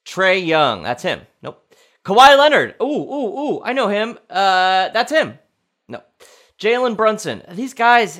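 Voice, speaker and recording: Guy doing a solo podcast, bright voice that jumps up and down a lot, rambly and self-mocking. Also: a little high. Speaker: podcast host. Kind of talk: casual solo podcast chat.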